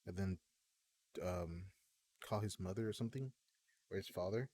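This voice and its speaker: A man with a very deep, husky voice chats in an easygoing, rambling way. He drifts through his points with plenty of fillers and hesitations. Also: normal speed, pauses often, darkish tone. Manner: laid-back, rambling, with fillers. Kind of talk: casual chat.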